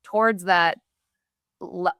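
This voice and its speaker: Enthusiastic woman podcast host, smooth voice. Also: on the low side, fairly even intonation, slow, dry recording, clean studio sound. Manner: warm, enthusiastic, laughs easily. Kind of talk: conversational interview.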